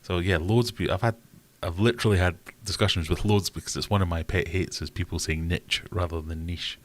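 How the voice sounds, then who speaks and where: A man's voice: low-pitched, steady tone, a little fast, a little hiss or hum. A man from Sheffield, hosting a casual livestream and chatting in a rambling way while answering viewer questions. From Sheffield, England. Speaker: livestream host.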